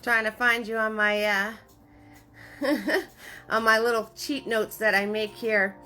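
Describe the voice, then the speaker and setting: A woman's voice: on the high side, little pitch movement, takes it slowly, bright, forceful tone, faint music behind. A woman running a live-stream painting class, chatty and often laughing, greeting her viewers by name in a sing-song voice. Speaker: painting instructor.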